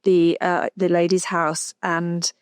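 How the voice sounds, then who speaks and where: A woman hosting a casual interview, encouraging her guest with quick affirmations. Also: fairly low pitch, flat delivery, smooth, no room sound, clean studio sound. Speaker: podcast host.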